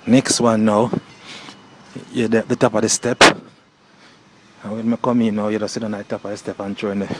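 A man's voice: on the low side, darkish tone, slight background noise. Flirty Jamaican man on a phone voice note. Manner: playful, flirtatious, rambling patois. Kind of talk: casual voice note to a partner. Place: outdoors.

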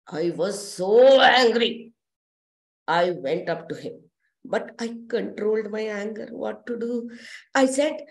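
A woman tells a story in character as a shopkeeper, chatty and full of asides to her listeners. Her voice sits high, and the room around her rings with echo. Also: lively intonation, measured pace, creaky, a bit bright. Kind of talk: first-person character storytelling. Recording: roomy echo.

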